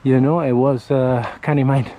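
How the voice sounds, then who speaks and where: A man from Italy with an Italian accent, chatting casually on a walking vlog and often pausing to search for words, talking into a camera outdoors on a windy street. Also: medium pitch, steady tone, warm tone, poor audio. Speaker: vlogger. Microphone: camera mic held near the face. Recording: faint wind and traffic noise outdoors.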